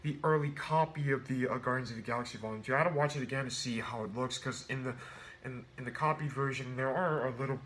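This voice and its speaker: A man's voice: mid-range voice, fast, fairly bright tone, a little hiss or hum. A man casually reviewing a film, rambling with many restarts and fillers. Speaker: movie reviewer.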